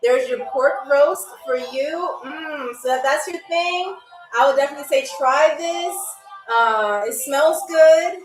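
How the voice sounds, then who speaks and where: A woman hosting a live stream as a playful flight attendant, chatty and animated, calling viewers y'all. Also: sits high, measured pace, distant mic. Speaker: host playing a flight attendant on a live game show. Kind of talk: playful live-stream role-play as stewardess. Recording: echoey room, off-mic, faint music.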